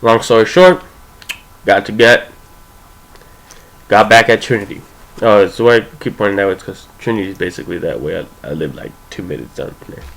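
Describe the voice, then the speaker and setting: A man's voice: a little fast, gravelly, pauses often, low-quality recording. A young man telling a casual, profane personal story, acting out what people said with big jumps in his voice. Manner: animated, profane, acts out quoted voices with big pitch jumps.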